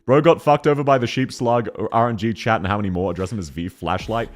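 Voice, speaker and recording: A man's voice: on the low side, fast, hardly any pauses. A young Australian man streaming a game, chatting casually, teasing his chat, swearing and laughing often. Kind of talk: casual live-stream chat while playing.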